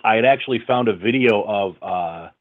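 Heard through a tinny line that sounds like a phone, this man, who narrates audiobooks and does voice-over work, talks informally in an interview with lots of fillers and restarts. His voice is on the low side, at a moderate pace.

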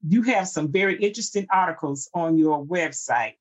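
A woman hosts a podcast interview in a somewhat low voice. She asks her guest short questions and keeps her going with brief, encouraging prompts. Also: moderate pace. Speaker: podcast host.

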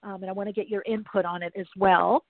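A woman's voice: mid-range voice, fairly even intonation, quick pace, dry recording. A woman hosting a podcast in a casual, chatty way, rambling through everyday stories. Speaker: podcast host. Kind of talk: casual chat. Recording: tinny phone-like dry sound.

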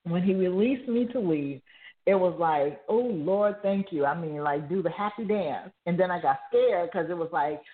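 A woman's voice: lowish voice, animated, normal speed. A woman in her fifties sharing a personal faith testimony on a talk show, laughing often and turning earnest and preachy. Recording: tinny phone line.

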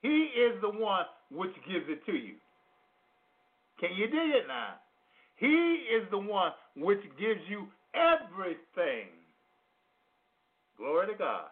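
A man gives a slow sermon-style teaching in a high, lively voice that climbs and falls. He repeats key phrases and quizzes his listeners in casual vernacular grammar. The audio is thin and tinny, like a phone call. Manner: drawn-out, repeats phrases for emphasis, asks listeners questions. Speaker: radio preacher. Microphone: phone call-in to internet radio.

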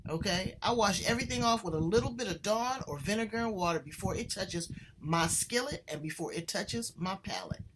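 A woman hosting a casual interview, brisk and emphatic with quick asides. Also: mid-range voice, expressive, slight background noise, poor audio. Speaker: host.

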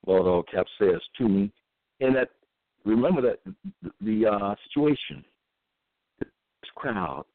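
A man giving a scripture-reading monologue as a religious podcaster, reading verses slowly and solemnly and pausing often with fillers. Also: deep voice, no echo. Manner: halting, with many pauses and fillers. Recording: dry, tinny phone-like audio.

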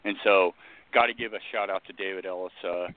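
A man's voice: deep voice, fairly even intonation, brisk, no echo. A man co-hosting a casual radio show, talking enthusiastically with lots of fillers and restarts. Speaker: co-host. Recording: tinny phone-like sound.

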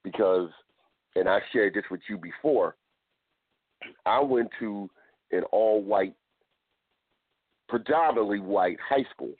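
A podcast host chats casually, often repeating words and restarting his phrases. His voice is on the low side and husky, slow with frequent pauses, and the dry recording has a tinny phone-line sound.

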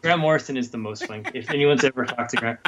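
A man as a guest comics writer in a casual interview, rambling and halting with many restarts. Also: medium pitch, noisy background. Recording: dull lo-fi sound.

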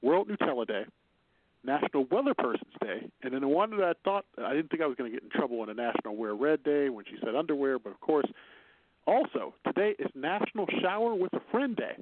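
Fairly high in pitch and lively in intonation, this man talks fast, with a little hiss or hum in the background. He's a Chicago native with the accent to match, hosting a phone-line internet radio show full of rambling, casual banter and frequent laughs.

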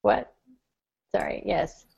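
A woman's voice: takes it slowly, a little mellow, no echo, highs cut off. A woman co-hosting a podcast in casual chat, talking animatedly with giggles and playful bragging. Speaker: podcast co-host.

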